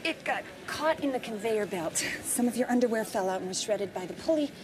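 A woman's voice: fairly high pitch, expressive, fairly quick, background noise, close to an everyday voice. A woman playing an unflappable airport baggage clerk. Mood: cheerful. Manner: cheerfully matter-of-fact.

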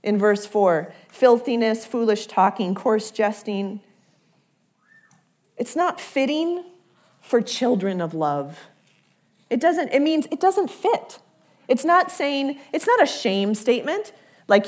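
A woman preaching a sermon at an unhurried pace, her voice sitting somewhat high. She talks to the congregation in a conversational way and repeats words as she works toward each point. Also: animated, a little mellow.

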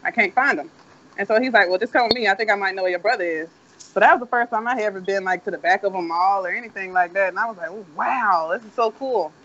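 A man's voice: sits high, quick pace, fairly bright tone, slight background noise. A man telling a rambling, profane childhood story in a casual chat. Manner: rambling, profane, laid-back. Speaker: co-host. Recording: dull lo-fi audio.

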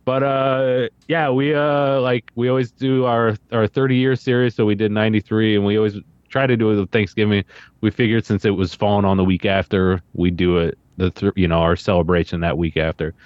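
A man co-hosting a podcast in relaxed, profane, filler-heavy chat. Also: lowish voice, fairly quick, dry recording, highs cut off. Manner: laid-back, swearing, filler-heavy. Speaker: podcast co-host and guest. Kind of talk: casual podcast banter.

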